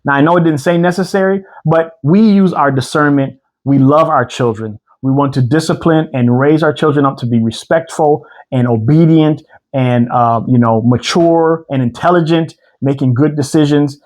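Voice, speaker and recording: A man co-hosting a casual couch chat, animated and preachy, slowing down to read scripture aloud. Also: a little high. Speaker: co-host.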